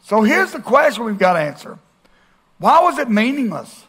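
A male pastor preaching a sermon, asking rhetorical questions and swinging between loud and hushed. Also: extremely high pitch, sing-song, moderate pace, husky.

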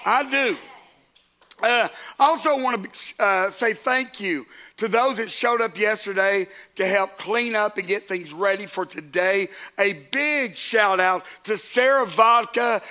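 A man's voice: sits high, measured pace, pushed and bright. A man, a pastor preaching a sermon to his congregation in a conversational way, with asides to the crowd.

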